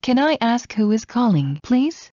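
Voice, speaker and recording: A woman slowly reading everyday English phrases one at a time for learners. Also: on the high side, sing-song, warm tone, no echo, highs cut off. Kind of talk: slow scripted phrase reading.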